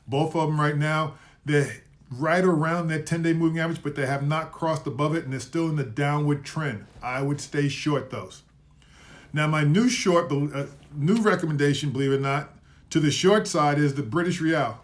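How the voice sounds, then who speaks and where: Male livestream market host, voice a bit high, casual and self-correcting, repeats his price calls. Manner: casual, self-correcting, trips over words; recaps trades with repeated levels and calls. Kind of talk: live-streamed market commentary.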